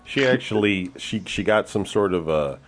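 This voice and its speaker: A man in casual podcast chat, talking haltingly with restarts and blunt, profane denials. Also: lowish voice, expressive. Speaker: podcast regular.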